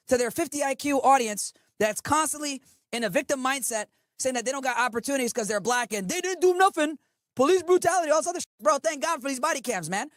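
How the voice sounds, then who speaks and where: High, animated, scornful woman ranting. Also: no echo, clean studio sound. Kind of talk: mocking rant.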